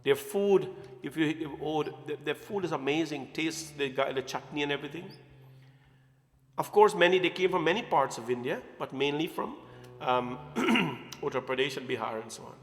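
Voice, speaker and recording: Animated Guyanese man addressing a congregation. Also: fairly high pitch, normal speed, big-room sound. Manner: animated, addresses audience as "my friends", asks questions. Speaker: religious speaker. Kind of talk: satsang talk to a congregation.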